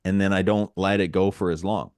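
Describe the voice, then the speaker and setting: A man's voice: sits low, fairly even intonation, brisk, darkish tone, clear, resonant tone, no room sound, clean studio sound. A man co-hosting a podcast, talking earnestly in a casual, rambling way with many restarts. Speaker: podcast co-host.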